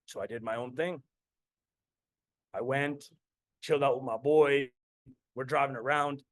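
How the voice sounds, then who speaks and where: A man's voice: medium pitch, steady tone, unhurried, dry recording. A man in his thirties from Canada, telling a personal story as a motivational host in an intense, repetitive way, swearing freely. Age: 30s. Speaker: podcast host and business coach.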